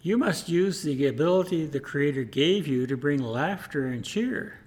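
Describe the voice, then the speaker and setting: A man's voice: on the high side, lively intonation, moderate pace, natural voice. A man voicing a kind, wise old dog comforting a puppy in a sermon story. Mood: gentle. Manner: gentle, counseling.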